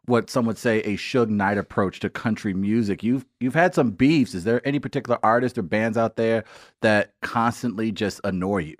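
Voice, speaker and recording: A man's voice: on the low side, normal speed, dry recording, clean studio sound. A man co-hosting a podcast, putting wry, mock-formal questions to a guest. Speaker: podcast co-host. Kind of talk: casual interview questions.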